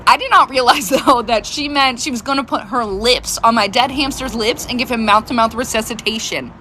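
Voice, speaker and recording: A woman telling a funny childhood story in a casual, animated way. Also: on the high side, fairly quick, slight background noise.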